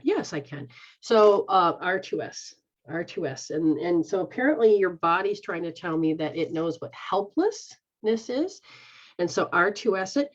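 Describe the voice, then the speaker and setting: A lower-pitched woman talks clients through an energy healing session, speaking their feelings aloud in first person before giving step-by-step hand placements. The sound is dull and lo-fi, like audio from an online stream. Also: expressive, unhurried. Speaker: energy healer leading a live session. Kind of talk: guided healing session, casual.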